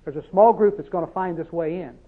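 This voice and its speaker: Male preacher, high-pitched, tinny lo-fi recording; folksy sermon full of rhetorical questions. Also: a little fast. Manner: drives points home with repeated "See?" questions; storytelling, conversational.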